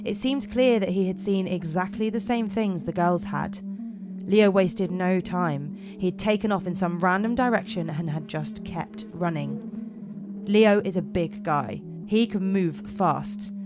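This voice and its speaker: A woman's voice: lowish voice, a little slow, over music. A woman podcast host reading horror stories aloud in a put-on American accent, dramatic and giggly with slips.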